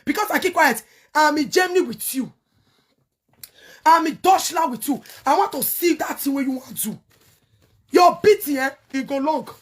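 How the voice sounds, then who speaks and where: A middle-aged Nigerian woman hosting her online show, angrily cursing and shouting in bursts as she rants to her viewers. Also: sits high, expressive, normal speed. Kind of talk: heated rant to viewers.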